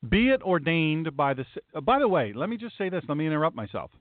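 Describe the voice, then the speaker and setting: A man's voice: on the high side, fast talker, no echo. Male pastor-commentator, emphatic and indignant, dry close sound with no room. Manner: emphatic and indignant, animated asides. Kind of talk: opinion commentary reading legal text aloud. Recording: tinny phone-like dry sound.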